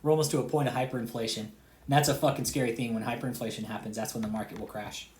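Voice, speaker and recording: A man in the middle of a heated, swear-heavy rant. His voice sits at an ordinary middle pitch. He lurches from loud outbursts to low, muttered sarcasm and keeps repeating himself. The sound is roomy and echoey. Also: steady tone, racing, slight background noise. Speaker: online commentator. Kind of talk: heated profane rant to subscribers. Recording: roomy echo.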